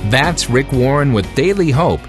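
A man reading a scripted promo as a radio program announcer, friendly and smooth. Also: mid-range voice, animated, normal speed, over loud music.

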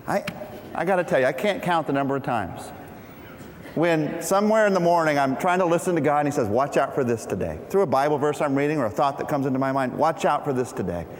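A man's voice: on the high side, fast talker, slight background noise. A middle-aged man preaching a conversational sermon, leading his congregation through Bible verses. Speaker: pastor. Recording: long hall reverb.

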